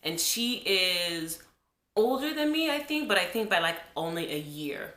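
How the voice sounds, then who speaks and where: A woman in her twenties from New Jersey, telling a childhood story to her viewers in an animated, chatty way while getting over a cold. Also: on the low side, measured pace. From New Jersey, USA. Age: 20s. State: has a cold. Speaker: vlogger. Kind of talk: casual storytime vlog. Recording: echoey room.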